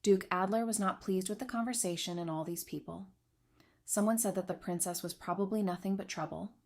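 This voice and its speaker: A woman giving scripted narration of a romance comic recap in an even, steady storytelling manner. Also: medium pitch, brisk.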